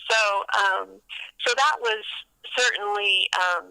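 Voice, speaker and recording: A middle-aged woman with a very bright, crisp voice, a singer-songwriter guest in a radio interview. She talks in a loose, rambling way, full of fillers and restarts. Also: medium pitch, slow pace, rough recording. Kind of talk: casual storytelling in a radio interview.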